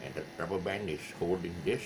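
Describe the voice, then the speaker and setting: A man's voice: low voice, brisk, noisy background. A man with a Malaysian English accent, teaching guitar in a casual, rambling way with many fillers and restarts. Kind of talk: casual video lesson talk. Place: his music shop.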